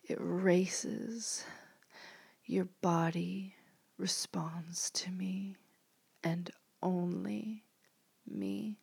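Whispered role-play: woman, dominant hypnotist, very slow and breathy, steady and flat. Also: on the low side, no room sound.

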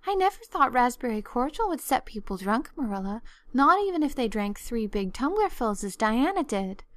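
A woman voicing an excitable, dramatic young orphan girl who pleads and wails in a breathless, tearful, melodramatic way. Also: on the high side, moderate pace, dry recording. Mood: wailing.

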